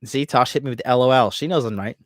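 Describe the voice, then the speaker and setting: A man's voice: medium pitch, fast talker, dry recording, studio quality. A man hosting a dating podcast, talking casually and emphatically to viewers, swearing freely. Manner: profane, emphatic, acts out inner voices.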